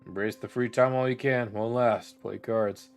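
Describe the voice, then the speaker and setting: A man's voice: medium pitch, steady tone, moderate pace, soft background music, natural voice. An actor playing a weathered, chatty male sailor in a video game, easygoing and full of slang. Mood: idle, chatty. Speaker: ship's crewman.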